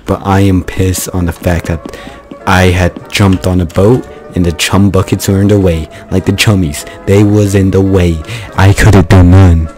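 A man's voice: deep voice, flat delivery, moderate pace, a little mellow, rough recording. A man commentating on his own speedrun, exasperated and swearing as he berates himself. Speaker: speedrunning gamer. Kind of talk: frustrated gameplay commentary. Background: game music.

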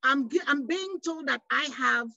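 A woman's voice: high-pitched, moderate pace, vocal fry, bright, forceful tone, no room sound, muffled recording. A woman from West Africa speaking on a panel, passionate, full of rhetorical questions and restarts. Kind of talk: panel discussion.

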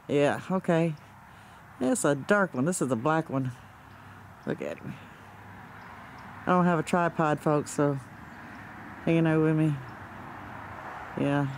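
A man with a fairly high voice talks slowly, agitated and exasperated, swearing now and then. He is outdoors, recording through a handheld camera's built-in mic. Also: a little hiss or hum. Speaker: amateur video maker. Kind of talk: handheld filming commentary. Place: outdoors under open sky.

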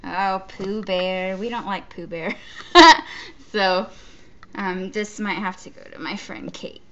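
A woman's voice: mid-range voice, fairly even intonation, takes it slowly, a bit bright, highs cut off. A woman chatting casually while opening a gift box, gushing and stammering between giggles. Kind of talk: casual unboxing chat. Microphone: off-camera, not shown.

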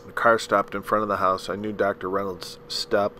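A man narrating a novel aloud in a measured, dramatic storytelling manner, with the occasional slip. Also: fairly low pitch, little pitch movement, bright, forceful tone, a little hiss or hum, poor audio. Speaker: audiobook reader.

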